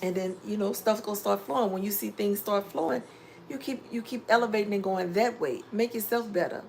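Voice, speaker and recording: A middle-aged woman vlogger chatting casually on a live stream, reading viewer comments and giving preachy, animated life advice. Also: mid-range voice, fairly quick, vocal fry, a little hiss or hum. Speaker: home DIY vlogger.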